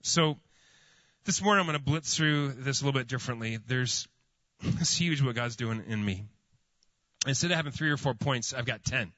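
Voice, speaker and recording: A man's voice: medium pitch, normal speed, fairly bright tone, dry recording, muffled recording. A man preaching a sermon as pastor, telling a story with many fillers and restarts.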